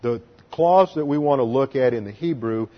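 A man's voice: medium pitch, moderate pace, highs cut off. A man teaching a sermon as pastor, explaining Hebrew grammar step by step and spelling out letters.

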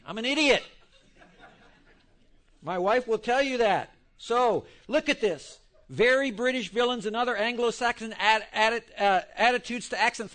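A male preacher with a high, bright voice that swings widely up and down. He preaches in rambling fashion, sliding into quick joking asides. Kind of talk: sermon. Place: church in Texas.

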